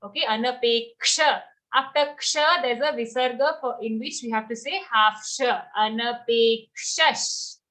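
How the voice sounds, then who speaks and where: A woman's voice: high voice, moderate pace, hardly any pauses, sharp tone. A woman teaching Sanskrit verse pronunciation, chanting lines and repeating words syllable by syllable. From India.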